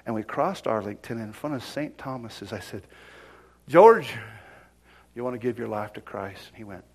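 A middle-aged man preaching a sermon, telling a personal story and swinging from whispers to loud exclaims. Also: fairly low pitch, brisk, creaky.

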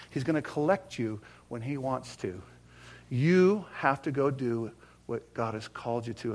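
A man preaching a sermon in a folksy way, swinging from hushed asides to loud, fervent passages. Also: medium pitch. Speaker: pastor.

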